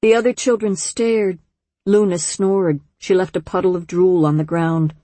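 Woman audiobook narrator, low breathy voice, calm measured storytelling, dry studio sound. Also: no echo. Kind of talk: scripted narration.

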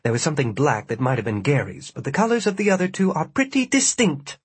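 A narrator gives voice to a blunt young woman who speaks in clipped commands. The voice is husky and slightly raised, recorded dry and close. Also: fairly high pitch, animated, quick pace, no echo. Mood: curt. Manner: curt and commanding.

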